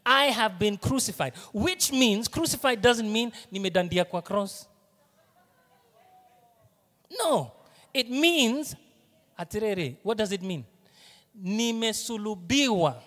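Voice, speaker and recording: Kenyan male pastor, high voice, lively sermon delivery, echoing hall. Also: unhurried. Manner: animated preaching, shifts between hushed asides and loud emphasis. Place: church auditorium.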